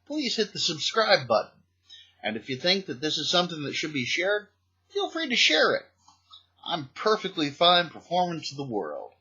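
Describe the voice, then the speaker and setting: A man telling playful stories in a casual vlog about his teaching days, animated and a little halting, with frequent restarts. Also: medium pitch, husky, muffled recording. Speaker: vlogger, former teacher in Japan.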